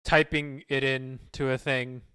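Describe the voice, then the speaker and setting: A man's voice: mid-range voice, flat delivery, measured pace, pushed and bright, clean tone. A man chatting casually on a live stream, rambling and stumbling over repeated words.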